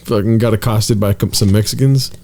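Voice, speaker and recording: A man's voice: on the low side, fairly even intonation, brisk, mellow, slight background noise. A man co-hosting a comedy podcast, telling a story in a laid-back way, cursing freely and often saying "dude". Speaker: podcast co-host. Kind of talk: casual podcast banter, storytelling.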